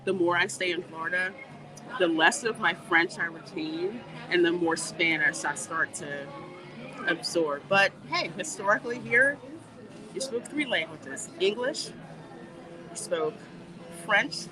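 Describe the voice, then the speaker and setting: A woman hosting a casual livestream while walking through a theme park, reading viewer comments and chatting in an animated way. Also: on the low side, a little slow. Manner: chatty and animated, warm greetings, laughs often. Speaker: livestream host. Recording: noisy outdoor livestream audio. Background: park ambience and music.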